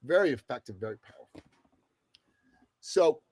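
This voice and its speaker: A husky man in his fifties from the Middle East, a guest on a talk show. He tells a story casually and expressively and does not mind swearing. The recording is dry and close. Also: medium pitch, expressive, moderate pace, a little mellow, no echo. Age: 50s. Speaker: guest entrepreneur. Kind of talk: animated storytelling in conversation.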